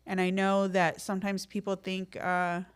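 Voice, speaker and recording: A woman's voice: medium pitch, moderate pace, smooth. Slangy woman, middle-aged. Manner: slangy, streetwise talk with many fillers; lively when acting out quotes. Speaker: podcast guest. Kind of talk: casual storytelling interview.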